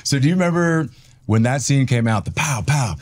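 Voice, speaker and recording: A young man hosting a casual chat, relaxed and quick to laugh, who gets excited when he tells a story. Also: medium pitch. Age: young adult. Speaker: podcast host, former ballplayer.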